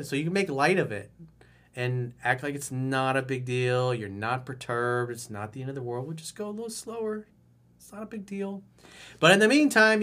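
A man's voice: medium pitch, a bit bright. A middle-aged male dating coach giving blunt, frank advice in a monologue, acting out quotes along the way.

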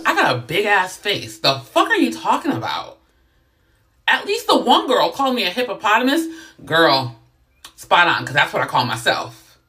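A woman's voice: sits low, bright, forceful tone. A woman in her thirties ranting straight to the camera, blunt and profane, with a self-deprecating edge. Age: 30s. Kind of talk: direct-to-camera rant.

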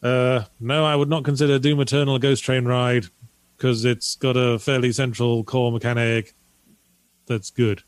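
A sardonic man chats casually as a podcast co-host. His voice sits at an ordinary pitch and is recorded close on the mic, with no room sound around it. He talks with a deadpan, wry manner. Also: moderate pace, smooth, no room sound. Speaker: podcast co-host reading viewer donations. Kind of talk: casual chat.

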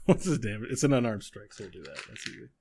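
A man narrating as game master of a tabletop game, telling the scene with animated energy and frequent laughter. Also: lowish voice, fast talker, vocal fry, a little hiss or hum. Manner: animated storytelling, laughs often.

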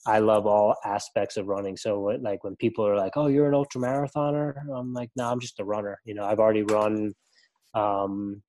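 A man's voice: on the low side, a little mellow. A middle-aged man talking casually as a podcast guest, rambling with lots of fillers and restarts. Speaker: ultramarathon runner and coach, guest.

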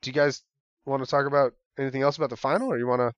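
A man's voice: medium pitch, racing, dry recording. Dull-mic podcast guy. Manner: animated storyteller, many fillers and laughs. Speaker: podcast co-host. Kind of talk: casual podcast chat.

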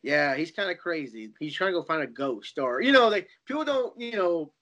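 A man's voice: a little high, very animated, fairly quick, a bit bright. A man chatting loosely and hesitantly with friends. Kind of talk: casual chat.

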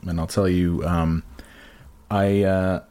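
A man's voice: low-pitched, flat delivery, slow, dark tone, smooth. A man telling a crude, rambling comic story in casual podcast chat, full of fillers and restarts.

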